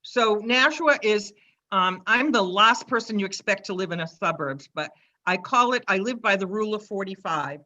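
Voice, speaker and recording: A woman in her seventies with a Boston accent, telling a personal story in a lively, chatty way. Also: mid-range voice, normal speed, dull audio. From Massachusetts. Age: 70s. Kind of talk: personal story told to an online audience.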